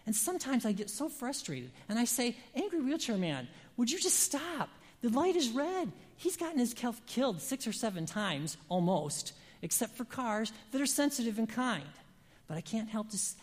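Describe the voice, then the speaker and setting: A sermon rings through a church sanctuary, the preacher's mid-range voice trailing into long hall reverb. The delivery is emphatic and punctuated by dramatic pauses, moving from loud stretches to near-whispers.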